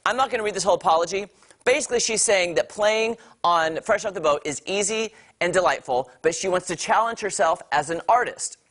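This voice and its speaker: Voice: medium pitch, brisk, a bit bright. Morning tv entertainment host, chatty and opinionated, talks right at the viewers, pretty emphatic. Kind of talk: opinionated entertainment news commentary. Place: TV studio.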